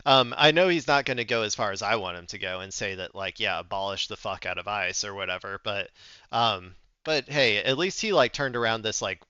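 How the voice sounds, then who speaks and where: A man streaming and reacting to news clips with blunt, sarcastic, profane commentary, often breaking into loud laughter. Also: lowish voice, a little fast, clear, resonant tone, dry recording, lo-fi sound.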